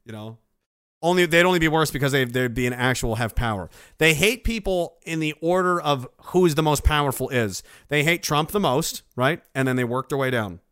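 A middle-aged man hosts a casual livestream and reads out his viewers' messages. He answers them with sarcastic, ranting asides and swears freely. His voice sits a little high for a man, and the recording is dry and close. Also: lively intonation, moderate pace, fairly bright tone, clean tone, dry recording. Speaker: livestream host reading viewer donations.

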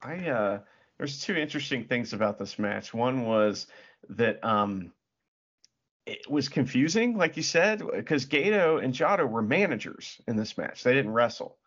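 Guy co-hosting a chill wrestling podcast, swears a lot, gets animated, muffled lo-fi audio. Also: medium pitch, unhurried. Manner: animated, swears freely, acts out quotes. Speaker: podcast co-host. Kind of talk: casual wrestling chat. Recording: dull lo-fi audio.

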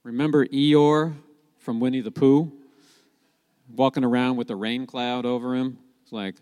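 A man giving a sermon as a Messianic preacher, telling the story in a lively way and asking rhetorical questions. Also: medium pitch, unhurried, pauses often, clean tone, in a large hall.

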